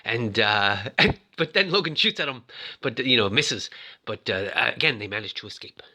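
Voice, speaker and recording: A man's voice: mid-range voice, lively intonation, normal speed, bright, forceful tone. Rambling man retelling a movie. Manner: rambling, joking, many fillers. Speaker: narrator.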